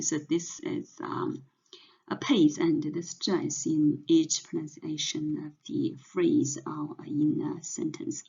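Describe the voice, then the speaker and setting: A native Chinese woman with a Mandarin accent teaches a language lesson, pausing often on fillers as she gropes for English words. Her slow, gravelly voice sits somewhat low. The audio sounds dull and lo-fi. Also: flat delivery, warm tone. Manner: slow, hesitant, many fillers.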